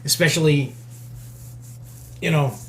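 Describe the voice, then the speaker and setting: A man's voice: a little high, takes it slowly, a bit bright. A man hosting a casual podcast, talking in a loose, rambling way with lots of fillers. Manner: rambling, with many fillers and restarts. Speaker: podcast host.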